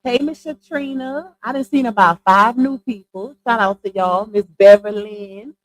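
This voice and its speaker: A woman's voice: mid-range voice, unhurried, no echo, poor audio. A woman hosting a casual livestream, chatty and slangy, greeting viewers one by one and laughing easily. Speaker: livestream host.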